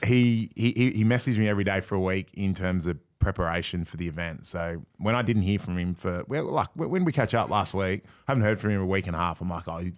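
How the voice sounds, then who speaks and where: A man's voice: deep voice, fast talker, few pauses. A man, co-hosting a podcast in boisterous, jokey banter. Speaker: podcast co-host. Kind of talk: casual banter.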